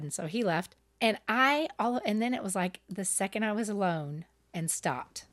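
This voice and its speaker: Animated middle-aged woman telling stories. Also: mid-range voice, moderate pace, few pauses, no room sound. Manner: animated, self-deprecating, laughs often. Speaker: podcast co-host. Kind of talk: candid conversational storytelling.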